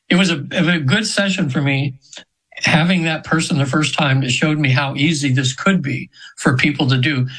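A man in his seventies with a slightly higher-than-usual voice tells a guest's story in a loose, conversational way. He rambles, circles back and fills the gaps with ums and restarts. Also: a bit bright, rough recording. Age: 70s. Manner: rambling, with many fillers and restarts. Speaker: guest practitioner of trance sessions.

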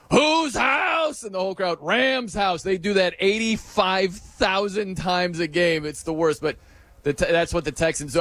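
A man hosting a sports radio show, excitable and chatty, imitating stadium chants as he talks. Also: on the high side, dry recording. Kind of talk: energetic sports talk.

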